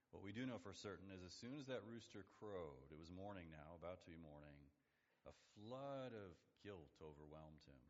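A pastor preaching an expository sermon with emphasis, acting out quoted lines by lifting his voice. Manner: emphatic, acts out quoted lines with rising pitch. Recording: dull lo-fi audio with long hall reverb.

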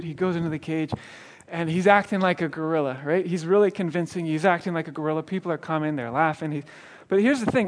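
A man preaching as a guest speaker, telling a joke story with chuckles and stumbling restarts. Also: a little high. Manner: storytelling with laughs and repeated restarts. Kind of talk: sermon. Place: church.

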